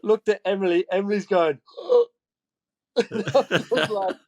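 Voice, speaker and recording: A man in his twenties from England with a Geordie accent, a podcast guest telling animated stories and laughing often. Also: high voice, fairly quick, dull audio. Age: 20s. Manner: animated, laughing, acts out quoted voices. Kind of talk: casual storytelling chat.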